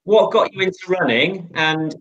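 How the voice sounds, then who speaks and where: A man's voice: high voice, moderate pace, fairly bright tone, lo-fi sound. A man hosting an interview, asking friendly, informal questions. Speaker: host. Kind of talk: casual interview.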